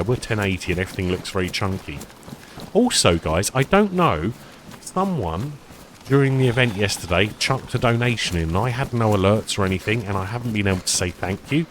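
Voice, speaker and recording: A man's voice: low-pitched, slight background noise. A man chatting casually to viewers while playing a survival game, self-deprecating and rambling. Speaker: streamer. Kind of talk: casual gameplay commentary.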